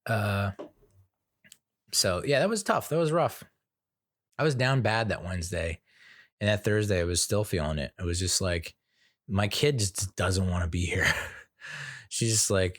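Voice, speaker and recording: A man's voice: lowish voice, unhurried, long pauses, a bit bright, dry recording, clean studio sound. A man hosting his own podcast, talking in a rambling, casual way with lots of fillers and wry sarcastic asides. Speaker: podcast host. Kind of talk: solo casual podcast monologue.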